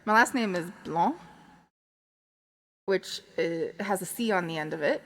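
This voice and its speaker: A young woman streamer chatting casually between songs, rambling, joking at her own expense and laughing often, with reverb on her voice. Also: on the low side. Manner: self-mocking, joking.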